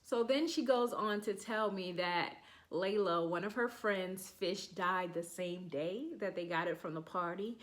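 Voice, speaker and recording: Host: woman in her thirties, relaxed anecdotal delivery, acts out dialogue with laughs. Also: on the low side, a little slow. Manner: chatty, laughing, acts out quotes. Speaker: podcast host. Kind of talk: casual storytelling.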